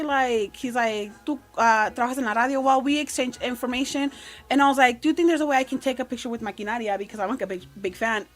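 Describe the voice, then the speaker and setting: A woman's voice: fairly high pitch, fairly bright tone. Chatty woman telling stories. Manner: chatty, code-switching anecdotes with many fillers. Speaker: guest. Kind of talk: casual podcast storytelling.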